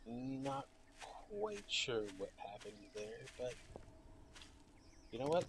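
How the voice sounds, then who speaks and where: A tired young adult man hosts a gaming channel, offering relaxed, rambling commentary full of fillers as he plays a survival game. He speaks slowly in a mid-range voice, with background noise present.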